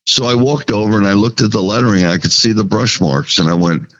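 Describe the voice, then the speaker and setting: Over dull audio, a New Jersey sign painter with a lowish voice talks fairly quickly, casually telling stories about his early podcast guest appearances. He acts out what people said as he recounts the memories.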